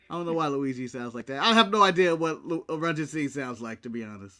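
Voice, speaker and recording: A man's voice: a little high, lively intonation, fast, hardly any pauses, bright, forceful tone. An American man co-hosting a casual wrestling recap show, talking bluntly and laughing often. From United States. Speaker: podcast co-host.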